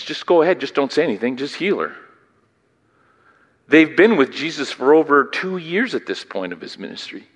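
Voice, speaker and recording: Male preacher, bright pitched-up voice, dramatic delivery, long hall reverb. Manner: animated, theatrical, swings from loud to hushed; asks the listeners questions. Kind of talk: sermon.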